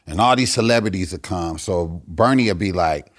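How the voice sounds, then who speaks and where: Brief: male comedian with a low voice and a dry, close sound, spinning animated and profane stories. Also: moderate pace, dry recording. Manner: animated, profane, acts out the characters in his stories. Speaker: guest comedian. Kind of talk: storytelling in a podcast chat.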